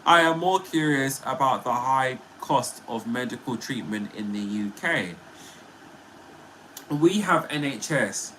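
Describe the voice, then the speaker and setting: A man's voice: mid-range voice, expressive, a little slow, sharp tone, slight background noise, low-quality recording. A man hosting a casual livestream, chatting playfully with viewers and reading their comments. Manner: chatty and playful, often laughing. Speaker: livestream host.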